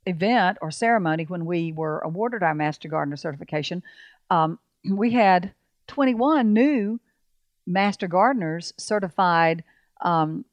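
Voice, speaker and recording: A woman's voice: lowish voice, animated, measured pace, dry recording, muffled recording. A woman co-hosting a farm radio show in casual chat, earnest and full of ums. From Alabama, US. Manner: warm and earnest, with many ums.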